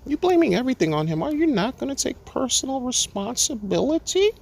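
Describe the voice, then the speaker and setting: A man voicing a condescending scold who taunts in a high falsetto. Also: sing-song, brisk, vocal fry, exaggerated voice. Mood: mocking. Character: shrill mocking scold, adult, condescending.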